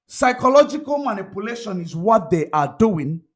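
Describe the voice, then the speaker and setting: Brief: male commentator, high voice, insistent and repetitive delivery, vlog commentary. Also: big pitch swings, normal speed. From Nigeria. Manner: emphatic, repetitive, heavy use of "you know". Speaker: political blogger.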